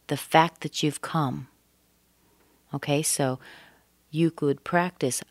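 A woman teaching English pronunciation, modelling stress and intonation slowly and deliberately. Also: extremely low pitch, fairly even intonation, no room sound, clean studio sound.

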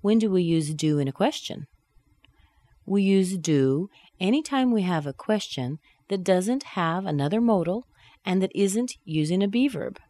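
Woman, pronunciation teacher, slow deliberate drilling, lively swooping intonation, dry close sound. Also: fairly low pitch, no echo. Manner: carefully enunciated model phrases with exaggerated intonation.

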